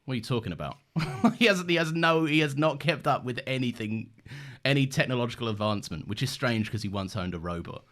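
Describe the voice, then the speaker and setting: A man's voice: medium pitch, fairly quick, fairly bright tone, faint music behind. A man with an enthusiastic, earnest manner, co-hosting a casual chat reviewing a film. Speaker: podcast co-host.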